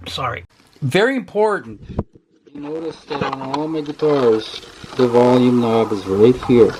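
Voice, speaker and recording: A man's voice: mid-range voice, measured pace, a little mellow, slight background noise. An older man who builds guitars, ranting profanely to his viewers and sometimes dropping into a whisper. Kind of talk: ranting vlog to camera.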